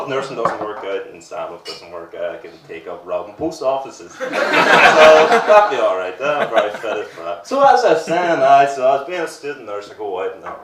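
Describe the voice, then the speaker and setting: Young Northern Irish male comic, crude self-mocking patter; distant roomy live recording, audience laughs behind. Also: lowish voice. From Northern Ireland. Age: 20s. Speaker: stand-up comedian. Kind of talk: stand-up comedy set. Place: comedy venue with a live audience.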